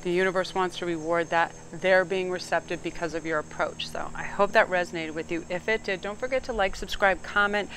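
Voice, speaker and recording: A middle-aged woman, giving a casual, animated tarot reading outdoors and sometimes getting loud and emphatic. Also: on the low side, brisk, few pauses, a little hiss or hum. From New England. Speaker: tarot reader.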